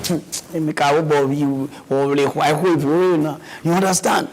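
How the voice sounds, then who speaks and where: High-voiced Nigerian man ranting comically. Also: fairly quick, low-quality recording. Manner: animated, rambling, mixes in pidgin. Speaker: mock news host.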